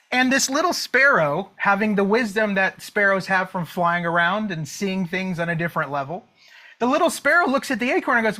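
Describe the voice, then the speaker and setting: A man's voice: high voice, expressive, brisk, sharp tone. A man coaching an online audience, telling a motivational story. He checks in often with "okay?" and "right?" and draws out key words for emphasis.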